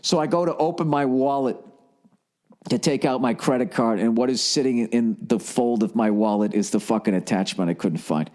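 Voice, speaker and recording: A man rambling through a comic story on a podcast, profane and self-mocking, jumping up in pitch when he quotes people. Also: moderate pace, darkish tone. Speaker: comedian podcast host.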